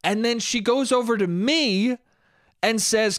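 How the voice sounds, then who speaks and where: A high-voiced man rants through a story on his solo podcast, swearing freely and sounding exasperated. The recording is close and dry, with no room sound around him. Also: a little slow, no room sound. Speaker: podcast host. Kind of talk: casual solo podcast monologue. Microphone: podcast microphone.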